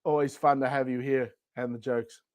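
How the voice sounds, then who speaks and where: A woman's voice: a bass voice, fairly even intonation, normal speed, a little mellow, no echo. Australian woman co-host, easygoing and playful, dead-dry sound. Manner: chatty, playful, giggly. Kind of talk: casual live chat.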